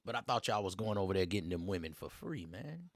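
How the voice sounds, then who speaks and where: A man's voice: low-pitched, very animated, quick pace, no room sound, clean studio sound. A man hosting a casual commentary show, mocking and teasing his audience in slangy speech. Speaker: host.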